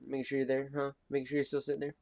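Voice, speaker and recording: A man hosting a casual live stream, cooing affectionate baby talk and soft murmurs. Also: mid-range voice, monotone, very fast, creaky, dry recording. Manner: coos affectionate baby talk at a pet cat; soft-spoken, drifting between murmurs and bright calls.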